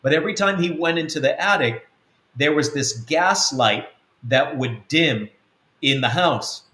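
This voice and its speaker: On a web-church show, a spiritual coach and mentor teaches in a rambling, conversational way, full of ums and acted-out bits of quoted dialogue. His fairly high voice is animated, unhurried, pushed, and bright, echoing in a roomy space.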